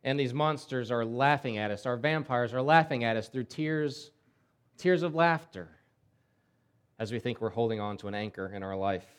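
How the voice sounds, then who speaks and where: A male pastor delivering a sermon in a conversational storytelling way, often restarting his words. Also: on the high side.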